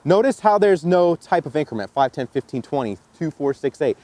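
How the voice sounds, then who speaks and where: A man teaching dog training, explaining casually and jumping into a high excited voice when he demonstrates praise. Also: a little fast, no echo. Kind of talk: instructional demonstration.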